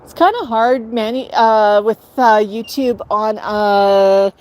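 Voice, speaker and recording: A woman's voice: mid-range voice, slow, darkish tone, low-quality recording. Chatty woman livestreaming on a patio. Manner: chatty, coaxing baby talk to her birds. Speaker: parrot owner hosting a livestream. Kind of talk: casual livestream chat with her parrots. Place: outdoor patio in the shade. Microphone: cell phone. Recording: outdoor phone audio with faint traffic.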